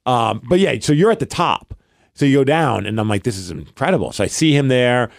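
A man's voice: medium pitch, animated, fairly quick, vocal fry, no room sound. A man with a New York accent tells a winding story to his podcast co-host, stumbling over restarts and slipping into the voices of the people he quotes. His voice sits in an ordinary middle register and sounds dry and close, with no room around it. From Brooklyn, New York. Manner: rambling, restarts often, acts out quoted dialogue. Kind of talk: casual storytelling chat.

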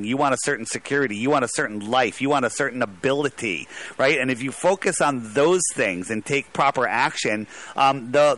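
A man's voice: mid-range voice, a bit bright. A man calling in to a talk show, talking in a rambling, emphatic way with many restarts. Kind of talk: casual talk radio call.

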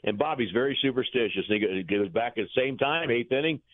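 A man, a former pitching coach, telling folksy, rambling anecdotes in an interview, chuckling as he goes. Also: expressive, fast. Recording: tinny phone line.

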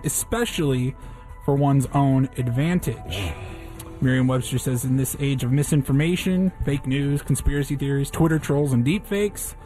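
A man's voice: mid-range voice, a little mellow. A male radio co-host reading out news items and definitions in casual banter. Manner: newsy, reads out items and definitions.

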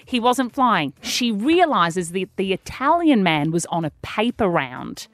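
A woman co-hosting a podcast, telling a story in a dramatic, animated way with frequent laughter. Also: medium pitch, unhurried, no room sound. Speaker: podcast co-host. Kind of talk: casual chat, storytelling.

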